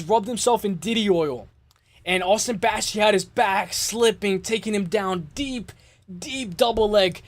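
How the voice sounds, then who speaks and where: A man hosting a casual MMA show, breaking down fights in an excitable way, swearing and repeating himself. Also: high voice, dry recording. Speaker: MMA podcast host.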